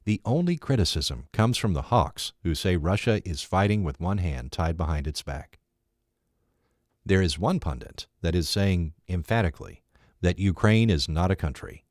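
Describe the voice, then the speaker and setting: Deep-voiced man reading an essay. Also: expressive, normal speed, a little mellow, no echo, clean studio sound. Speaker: essay author reading his own commentary. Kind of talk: read-aloud opinion essay.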